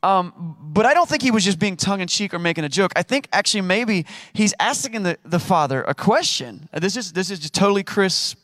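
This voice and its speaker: A man's voice: high voice, expressive, a little fast, few pauses, a bit bright, no echo, studio quality. A married man giving a casual, conversational sermon, acting out quotes with playful asides. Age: adult, married. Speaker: preacher.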